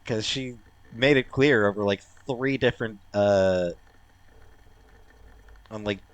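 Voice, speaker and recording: A young Canadian man playing a story game, reading the chat lines aloud and commenting on them, earnest, sometimes soft and subdued and sometimes loud and exclaiming. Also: on the low side, slow pace, no room sound. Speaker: let's player.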